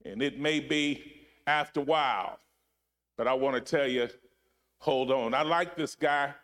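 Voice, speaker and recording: A man preaching a sermon, repeating his phrases and swinging between loud emphasis and hushed, low drops. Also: measured pace. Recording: long hall reverb.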